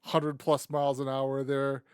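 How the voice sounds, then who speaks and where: A man's voice: mid-range voice, monotone, a little slow, slight background noise. A man co-hosting a casual podcast chat, recapping loosely and correcting himself as he goes. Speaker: podcast co-host.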